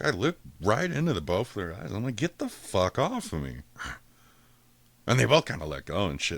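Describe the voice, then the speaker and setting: A very deep male voice with lively, swinging intonation. He tells a long story on a podcast in a loose, foul-mouthed way, acting out what everyone said. The sound is dry and close. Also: no echo. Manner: profane, animated retelling, acts out quotes. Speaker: podcast host. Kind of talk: casual storytelling.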